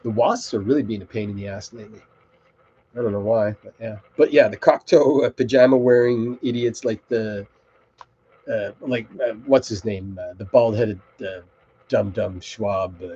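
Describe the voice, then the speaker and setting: A man's voice: lowish voice, moderate pace, mellow, husky, lo-fi sound. A middle-aged man hosting a live web show, rambling and swearing casually as he talks. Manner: rambling, swears, easily distracted.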